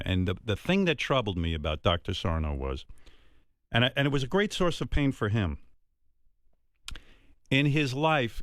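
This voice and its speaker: A low-voiced man in his sixties hosts a radio talk show. He speaks earnestly and from the heart, often restarting his sentences. The studio sound is close and dry. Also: a bit bright, no echo.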